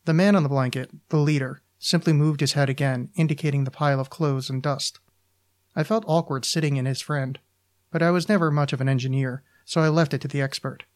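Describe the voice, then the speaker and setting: Podcast guy reading his own short story out loud, dry deadpan delivery, voice sits a bit high.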